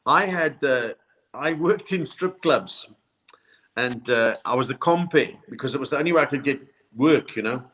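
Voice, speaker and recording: A man's voice: medium pitch, moderate pace. Older South African man telling stories. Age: 60s. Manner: lively storyteller who slips into accents for punchlines. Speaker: guest comedian. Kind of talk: anecdotal storytelling in a podcast interview.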